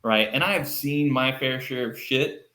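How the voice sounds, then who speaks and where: A man from Texas tells a story as a podcast guest, loose and animated, leaning on fillers as he acts out what people said. His voice sits at a middle pitch for a man. The room around him is noticeably echoey. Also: measured pace. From Texas, United States. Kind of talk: casual storytelling. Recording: roomy echo.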